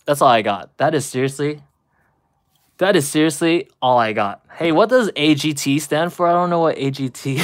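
A man's voice: a little high, moderate pace, pauses often. Laughing, chatty male streamer. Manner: laughing, chatty, talks straight to chat. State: out of breath. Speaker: card-opening live streamer. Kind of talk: casual live stream chat.

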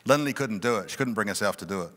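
A middle-aged male pastor telling a personal story in a sermon, animated and often laughing. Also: on the low side, very fast. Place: large church hall. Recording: long reverb of a church hall.

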